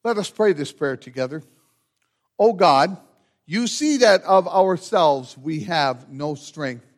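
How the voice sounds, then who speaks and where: A pastor leads his congregation through a traditional liturgy in a measured, solemn way. His voice sits high for a man and moves widely in pitch as he calls out each line. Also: expressive. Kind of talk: liturgical church service.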